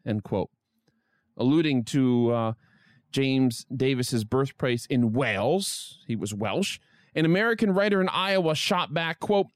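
A man's voice: medium pitch, a little slow, no echo, clean studio sound. A man hosting a history podcast, reading a scripted narration with wry asides. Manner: lively storytelling with wry asides. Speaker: podcast host.

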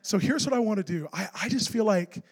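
A male pastor preaches to a congregation with a high, lively voice. He tells his story animatedly and climbs to near-shouts at its dramatic moments. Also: a little fast. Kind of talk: sermon storytelling.

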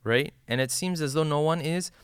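A man's voice: a little high, normal speed, clean tone, no room sound, studio quality. A man teaching listeners the meaning of a supplication, explaining each line in plain words and often checking in with "right?". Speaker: religious teacher.

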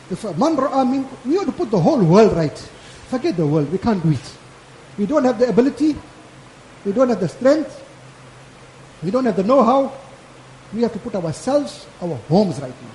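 This is a Friday lecture by a South African maulana whose voice is very high, lively and mellow. He moves at a moderate pace with long pauses, preaching casually and repeating each point emphatically. The room echoes like a mosque hall, and a little hiss or hum can be heard.

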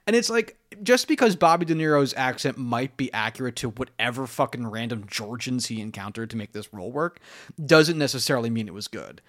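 A man's voice: mid-range voice, animated, fairly quick, a bit bright. A man co-hosting a casual film podcast, talking animatedly, swearing freely and acting out lines from the movies. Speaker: podcast co-host.

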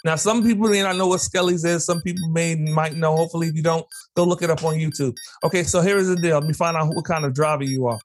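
A man co-hosting a podcast, running a quick quiz game in a playful, joking way and laughing often. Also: on the high side, fairly even intonation, faint music behind. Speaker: podcast co-host. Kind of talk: casual chat, quiz game.

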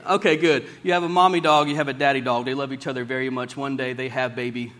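A man preaching a sermon in a church, plain-spoken and folksy, slowing down whenever he reads scripture aloud. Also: medium pitch, fairly even intonation, fairly bright tone.

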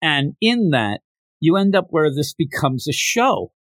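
A man's voice: a little slow, no echo. A man co-hosting a manga review podcast, casually retelling a story and acting out the characters' lines. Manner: animated retelling, acting out quotes with raised pitch. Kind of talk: casual chat.

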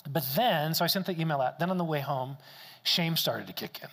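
Bright-voiced male preacher in a reverberant hall. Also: a little high, brisk, vocal fry. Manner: emphatic, repeats key phrases for stress. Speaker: pastor. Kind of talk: sermon.

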